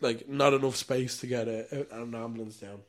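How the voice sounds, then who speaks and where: A man's voice: mid-range voice, steady tone, a little fast. A young Irish man co-hosting a casual chat podcast, telling stories with frequent laughs and casual swearing. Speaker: podcast co-host.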